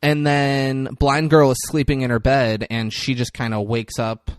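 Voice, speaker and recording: A man's voice: medium pitch, little pitch movement, measured pace, clean tone, no room sound, clean studio sound. A man co-hosting a podcast, chatting casually and retelling a film scene by scene, swearing now and then and acting out the lines he quotes. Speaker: podcast co-host.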